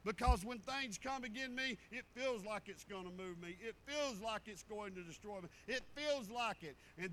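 A man's voice: high voice, bright, forceful tone, slight background noise, rough recording. A middle-aged man, a pastor preaching a sermon in a folksy storytelling way with rural turns of phrase.

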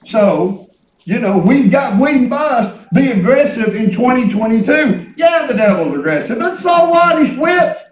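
A man with a high voice, preaching a fervent sermon and calling out hallelujahs between points. The sound is roomy and echoey, with the mic set some way off from him in the church. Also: sing-song, measured pace, distant mic. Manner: emphatic preaching with hallelujahs, drops to a low aside. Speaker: pastor. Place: church sanctuary.

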